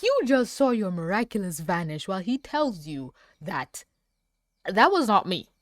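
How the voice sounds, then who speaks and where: A woman's voice: mid-range voice, big pitch swings, a little slow, no echo, clean studio sound. A woman reviewing a cartoon episode in reaction commentary, swearing freely, ranting, and often breaking into laughter. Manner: profane, laughing often, rants. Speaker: animated series reviewer.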